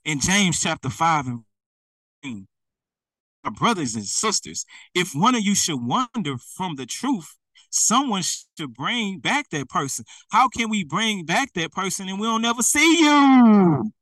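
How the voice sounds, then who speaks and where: Male preacher, fairly high and lively voice, emphatic and repetitive, sermon delivery, addressing the flock directly. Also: slow, dry recording, recorded from a distance, poor audio.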